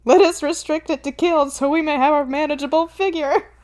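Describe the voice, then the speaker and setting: A woman's voice: high voice, steady tone, brisk, darkish tone. A woman co-hosting a podcast, chatting playfully about a favorite film and laughing often. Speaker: podcast co-host. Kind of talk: casual film chat.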